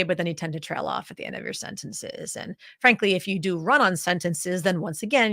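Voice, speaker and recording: A woman executive voice coach giving an emphatic, deliberate presentation to leaders, demonstrating vocal habits as she goes. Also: fairly low pitch, lively intonation, vocal fry, a bit bright, no echo, clean studio sound.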